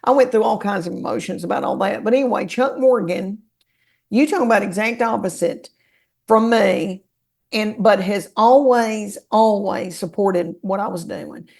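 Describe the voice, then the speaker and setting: A middle-aged woman with a Southern American accent, a comedian telling animated, folksy stories as a podcast guest. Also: medium pitch, moderate pace, gravelly. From Southern US, Tennessee. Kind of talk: casual storytelling chat.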